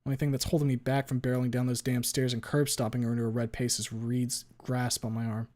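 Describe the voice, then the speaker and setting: A man reading a fan story aloud on a stream, expressive, with small stumbles. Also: medium pitch, a little fast, few pauses.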